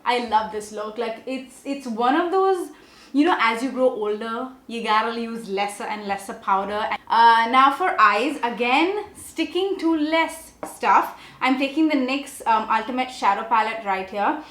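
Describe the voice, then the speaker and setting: A woman's voice: on the high side, unhurried, a bit bright, reverberant. A young woman vlogger chatting casually to her viewers while doing her makeup and telling a story. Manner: chatty, addresses viewers directly. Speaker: beauty vlogger.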